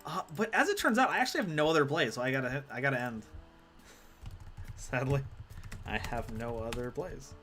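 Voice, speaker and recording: A man's voice: medium pitch, animated, fairly quick, pauses often, pushed and bright, slight background noise. A man streaming a card game live, rambling and self-deprecating as he chats with his viewers. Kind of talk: live gameplay commentary.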